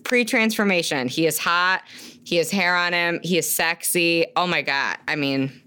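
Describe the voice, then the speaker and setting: A woman's voice: fairly low pitch, moderate pace, bright, forceful tone, clean tone. A woman co-hosting a casual podcast, often gasping and laughing in theatrical shock. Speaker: podcast co-host.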